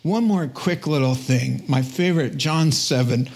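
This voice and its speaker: A man, preaching a lively storytelling sermon, laughing often and dropping to a whisper for quiet lines. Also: medium pitch, measured pace, gravelly, slightly rough. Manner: animated storytelling, acts out quoted voices, drops to a whisper at times, laughs often. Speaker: pastor.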